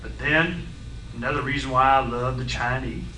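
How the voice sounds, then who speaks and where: A middle-aged man on a radio talk show, explaining science in a blunt, folksy, excitable way and acting out voices in his stories. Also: mid-range voice, moderate pace, roomy sound, distant mic, slight background noise, rough recording.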